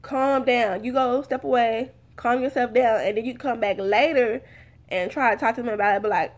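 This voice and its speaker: A woman's voice: a little high, moderate pace. A woman talking casually to her viewers and giving advice, earnest and repetitive, often calling them "you guys.". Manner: acts out heated and calm exchanges. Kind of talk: casual talk to camera.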